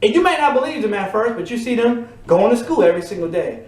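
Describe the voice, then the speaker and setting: A man's voice: very high voice, very animated, fast talker, a little mellow. A man preaching a motivational sermon, building to emphatic repeated refrains. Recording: echoey room.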